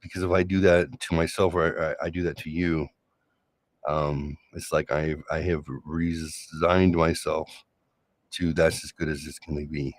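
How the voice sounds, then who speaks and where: A man's voice: a bass voice, flat delivery, normal speed, slight background noise. A man hosting a solo show, telling a rambling personal story in a sarcastic, casual way with frequent restarts. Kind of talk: casual monologue.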